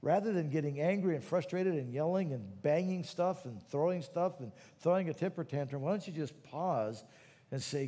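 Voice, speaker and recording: A man preaching a sermon, moving between quiet teaching and loud, fervent calls to prayer. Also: a little high, lively intonation, normal speed, in a large hall. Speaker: pastor.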